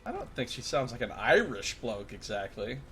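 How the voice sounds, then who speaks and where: A man's voice: mid-range voice, sing-song, moderate pace, a little hiss or hum. Jokey man streaming a game. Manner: jokey, rambling, loud outbursts. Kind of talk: casual gameplay commentary.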